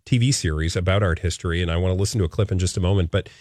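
A man's voice: deep voice, rapid-fire, darkish tone, no echo. A man co-hosting a morning talk radio show, chatting and joking in a studio. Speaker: radio host. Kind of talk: casual radio chat.

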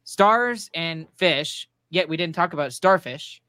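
Bright-voiced young man, laughing host. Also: a little high, lively intonation, slow pace, dry recording, clean studio sound, soft background music. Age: young adult. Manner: laughs easily, loose rambling delivery. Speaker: podcast host. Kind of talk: casual chat.

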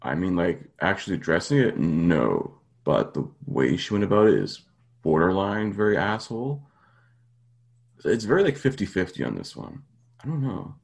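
A deep-voiced man with a gravelly, creaky edge to his talk. His delivery swings up and down expressively as he chats casually on a podcast. He is blunt, swears a lot and pads his sentences with "like". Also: big pitch swings, moderate pace. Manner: blunt, swears freely, hedges with "like". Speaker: podcast co-host. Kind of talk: casual chat.

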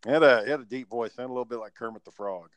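A man's voice: mid-range voice, rapid-fire, crowd noise. Laid-back rambling male podcaster. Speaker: podcast co-host. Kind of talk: casual chat.

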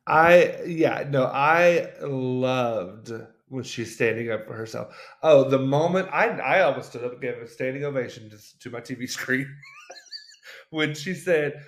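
A man co-hosting a podcast at an ordinary mid pitch. He chats casually and enthusiastically, stumbling and restarting as he gathers his thoughts. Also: reverberant. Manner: enthusiastic, halting, many restarts. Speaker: podcast co-host. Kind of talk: casual chat.

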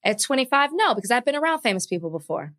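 Lively, bright-voiced woman co-host. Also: on the high side. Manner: lively, quick to push back. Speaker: podcast co-host. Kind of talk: casual chat.

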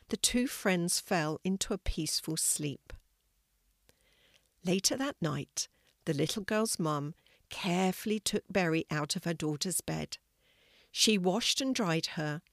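An older woman reading a children's story aloud in a gentle, measured way. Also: fairly low pitch, vocal fry, no echo, clean studio sound.

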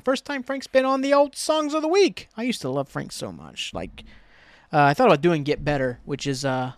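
A man's voice: fairly high pitch, dry recording, studio quality. A man hosting a solo podcast, rambling casually and ranting with lots of swearing. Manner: rambling and ranty, swears freely. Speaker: podcast host.

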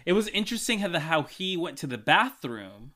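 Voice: mid-range voice, big pitch swings, fairly quick, bright, forceful tone. A co-host in a casual reaction chat, animatedly describing what happens on screen, breaking into little acted asides. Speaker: co-host reacting to a music video.

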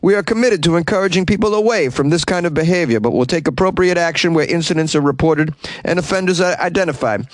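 A man's voice: a little high, no room sound. Sarcastic man riffing on weird news. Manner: sarcastic, reads news then riffs on it. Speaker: podcast host. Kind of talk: comedic news commentary. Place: small closet.

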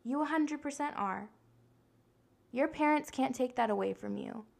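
A woman's voice: high voice, normal speed, gravelly. Blunt, profane young woman podcast host. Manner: blunt, profane and animated, acting out quoted voices. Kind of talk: casual self-help podcast talk.

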